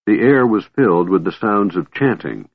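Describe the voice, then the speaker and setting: A male narrator reads a fantasy story in a measured, dramatic way. His voice is deep and husky. The recording is dry and narrow, like a phone line. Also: lively intonation, no room sound. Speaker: audiobook narrator. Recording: tinny phone-like audio.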